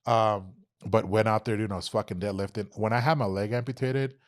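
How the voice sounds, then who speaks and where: Young man, podcast guest, lowish voice, swears freely, acts out the quotes in his stories. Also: fairly quick. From Texas. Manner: animated, profane storytelling, acts out quoted dialogue. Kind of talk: casual storytelling interview.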